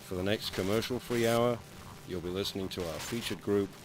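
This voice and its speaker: A man with a British accent giving a scripted radio announcer's intro to an album, in a smooth announcer's delivery. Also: on the low side, a little fast, rough recording. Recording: music track with loud gunfire effects.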